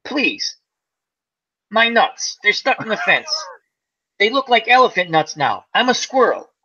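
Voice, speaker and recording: Bit part: pleading squirrel, whiny, lively pitch, a man voicing it. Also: unhurried, breathy edge, muffled recording, heavily acted. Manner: whiny, begging. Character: pleading male squirrel with nuts stuck.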